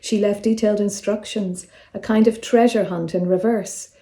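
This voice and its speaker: A woman voicing a scrawny, excitable male solicitor who talks with fussy, overly polite formality. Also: mid-range voice, normal speed, lightly acted. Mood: earnest, apologetic. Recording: roomy echo.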